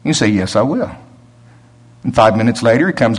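A man's voice: on the low side, expressive, moderate pace, husky. A man preaching a sermon in a conversational way, rising to emphatic peaks and chuckling between points.

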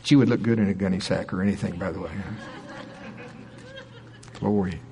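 Middle-aged male pastor, lively storyteller who acts out the people he quotes. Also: normal speed, slight background noise. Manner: animated storyteller, voices quoted people in a higher pitch. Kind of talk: sermon storytelling.

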